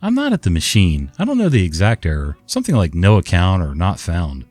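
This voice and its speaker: A man's voice: deep voice, sing-song, fairly quick, a little mellow, no echo, faint music behind. A man voicing a stubborn, evasive male caller in a whiny, raised voice.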